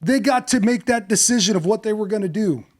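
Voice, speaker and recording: High-voiced male pastor preaching dramatically. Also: a little fast. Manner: dramatic storytelling, acting out voices and shifting from hushed to loud. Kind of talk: sermon.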